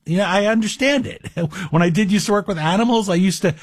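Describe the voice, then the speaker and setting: A man's voice: high-pitched, fairly quick, no echo, studio quality. Chatty self-mocking talk radio man. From Greek heritage. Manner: chatty, self-deprecating, digressive. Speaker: radio guest host.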